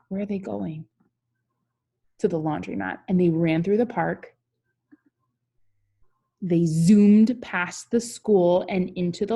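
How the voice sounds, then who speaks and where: A woman's voice: mid-range voice, warm tone, muffled recording. A young woman teacher reads a picture book aloud to children, chatting and asking them questions along the way.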